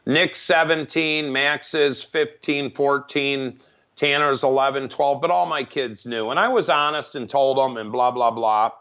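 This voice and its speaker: Gravelly middle-aged man, candid storyteller. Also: medium pitch, measured pace, sharp tone. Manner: candid, matter-of-fact storytelling with frequent restarts. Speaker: podcast guest. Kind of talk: personal recovery story. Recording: dull lo-fi podcast audio.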